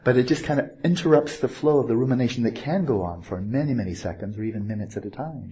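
A man giving a dharma talk as a meditation teacher on a retreat, gentle and playful, with unhurried pauses and small asides. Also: mid-range voice, lively intonation.

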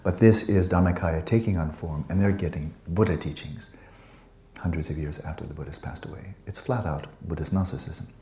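Low mellow guy teaching buddhism, chatty and rambling, echoey room. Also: fairly even intonation, brisk. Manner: conversational, digressive, playful asides. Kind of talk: dharma talk to students.

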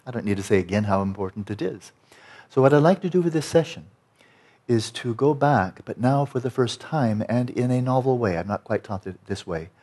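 A man's voice: darkish tone, husky. A man teaching a meditation retreat, giving a dharma talk in an emphatic, conversational way. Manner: emphatic, conversational, rises in pitch to stress points.

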